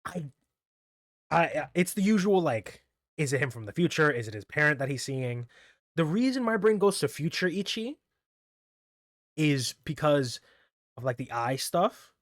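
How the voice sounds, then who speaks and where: Chatty, higher-voiced man rambling about manga. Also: sing-song, a little slow, pauses often, no room sound, clean studio sound. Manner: rambling, self-correcting, chuckles often. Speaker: manga reviewer. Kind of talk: casual chat recapping manga chapters.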